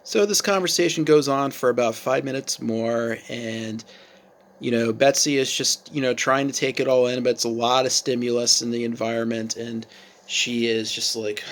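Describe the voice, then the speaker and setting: A man's voice: mid-range voice, steady tone, moderate pace. Hesitant male storyteller. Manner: hesitant, many fillers and restarts. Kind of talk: casual storytelling.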